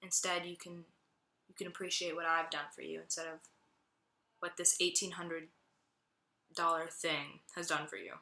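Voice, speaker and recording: Speaking at a moderate pace with long pauses, a young woman uses a lowish, bright, forceful voice with little pitch movement. The student tells her faith testimony chattily, full of "like" fillers, against a roomy echo.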